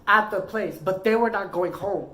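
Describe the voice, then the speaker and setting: A woman's voice: medium pitch, normal speed, a bit bright, rough recording. A woman casually telling a personal story, rambling and filling her sentences with "like". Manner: rambling, heavy use of "like".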